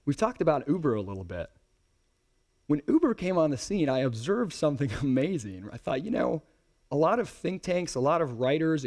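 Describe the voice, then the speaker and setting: A man in his thirties speaks to a live audience at a conference, with a pitch of middle height for a man. His delivery is conversational and lively. He swings up and down in pitch and keeps checking in with the crowd. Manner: conversational, animated, keeps asking "right?". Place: conference presentation before a young audience.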